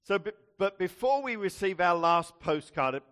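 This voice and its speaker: A man giving a sermon, telling a story with measured, dry humour. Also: sits high, animated, a bit bright, clear, resonant tone. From England. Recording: long reverb hall.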